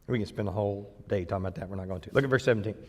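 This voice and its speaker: A man's voice: lowish voice, very fast, darkish tone, big-room sound, a little hiss or hum. A male pastor preaching a sermon in a church, telling the story in a folksy, joking way. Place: church sanctuary.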